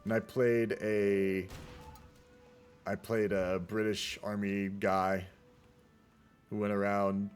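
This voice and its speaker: A man's voice: fairly low pitch, little pitch movement, slow, long pauses, soft background music. A young man giving casual, rambling commentary on a multiplayer strategy game, often saying "y'all". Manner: chatty, rambling, says "y'all". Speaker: game caster.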